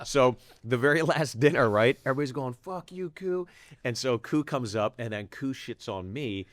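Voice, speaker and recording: A man's voice: medium pitch, no echo. A middle-aged man from the Pittsburgh area, a stand-up comedian telling stories in casual chat, jumping into voices and swearing freely. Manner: quick, profane storytelling that jumps into quoted voices. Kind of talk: animated storytelling in casual chat.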